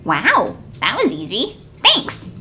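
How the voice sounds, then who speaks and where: A woman's voice: a little high, huge pitch swings, slow, bright, forceful tone, a little hiss or hum, heavily acted. A woman playing a chirpy teenage girl.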